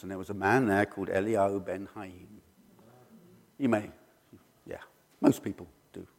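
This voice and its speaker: A middle-aged man telling his personal faith story in an earnest, storytelling way, acting out the people he quotes. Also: lowish voice. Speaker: speaker sharing his testimony. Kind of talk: personal testimony. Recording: long hall reverb.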